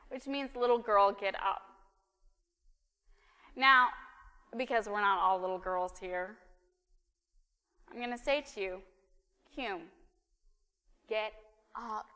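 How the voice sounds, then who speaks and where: A woman preacher delivering a sermon in a casual, joking style. Her voice is bright and fairly high. A long church-hall reverb trails behind it. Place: church sanctuary.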